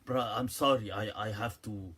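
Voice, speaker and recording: A flustered Middle Eastern man with an Arabic accent, put on by a man retelling a story. He pitches his voice lower and speaks haltingly, stammering through repeated apologies even as he protests. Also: slightly rough. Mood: indignant, apologetic.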